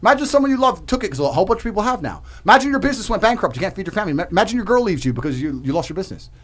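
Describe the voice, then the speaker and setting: A man's voice: big pitch swings, racing. A man ranting emphatically and profanely as a podcast guest in a heated debate. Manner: emphatic, ranting, profane, swings loud and high.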